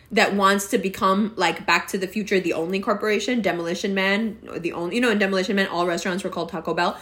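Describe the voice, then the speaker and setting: A woman's voice: medium pitch, a bit bright. A woman in her forties delivering a profane, exasperated rant that scolds her listeners. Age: 40s. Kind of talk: ranting monologue.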